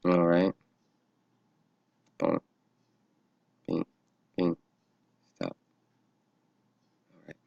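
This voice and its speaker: A man's voice: low-pitched, very animated, extremely slow, creaky, long pauses, darkish tone, lo-fi sound. A man talking casually through a Bible study in his own video, loose and swearing, laughing and thinking aloud as he reads. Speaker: religious vlogger.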